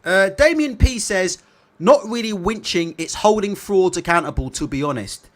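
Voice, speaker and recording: Animated man with a high voice. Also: moderate pace. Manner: animated, repeats tag questions. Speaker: boxing livestream host. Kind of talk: casual livestream chat reading comments.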